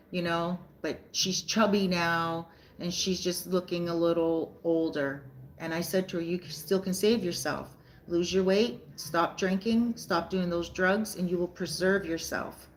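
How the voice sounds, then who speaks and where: A woman vlogger and soul coach who lives in a Caribbean beach town tells a story to camera in a casual, rambling way, often tagging her sentences with "right?" and "you know." Her voice is fairly low, and the rough recording has slight background noise.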